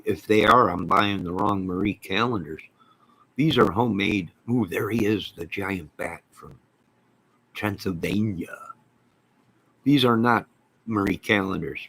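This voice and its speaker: A man hosting his own channel, chatting casually to his viewers on a live stream in an excitable, folksy, rambling way. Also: fairly low pitch, rough recording. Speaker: channel host.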